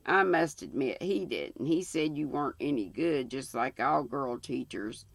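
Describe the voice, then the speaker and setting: A woman's voice: a bass voice, expressive, unhurried, creaky, no echo, full character voice. A woman reading the part of a stern, practical older woman in a storybook reading.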